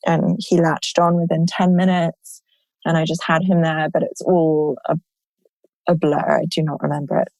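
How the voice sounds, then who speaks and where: A woman guest telling her own story in an open, animated way, with many "like" fillers. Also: deep voice, moderate pace, vocal fry, no room sound, poor audio. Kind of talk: personal storytelling in a conversation.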